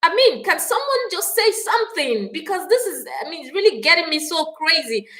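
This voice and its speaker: A woman's voice: extremely high pitch, big pitch swings, fairly quick, sharp tone, rough recording. A Nigerian woman hosting a live stream, talking with passion and indignation, answering viewers' comments and repeating phrases for emphasis.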